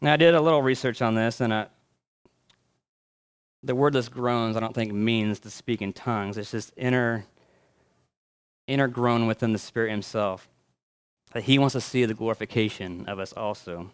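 Smooth-voiced male pastor telling a story. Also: on the low side. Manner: storytelling with swells and hushed endings; reflective, with pauses and fillers. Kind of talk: sermon.

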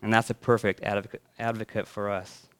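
A man preaching a sermon as a pastor. He tells a story with building phrases and hushed endings, then reflects with pauses and fillers. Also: on the low side, level tone, smooth.

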